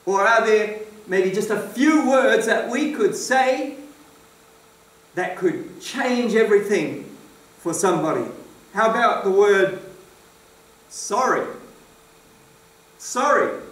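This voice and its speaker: Man, preacher, high voice, slow deliberate delivery, roomy echo from a distant mic. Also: expressive, a bit bright. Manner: slow, emphatic, asks the congregation questions. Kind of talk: sermon.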